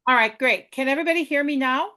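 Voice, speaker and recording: A woman's voice: high voice, fast, bright, forceful tone. A woman poet reading a wry, ranting rhymed poem over a video call. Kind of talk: rhyming poetry reading.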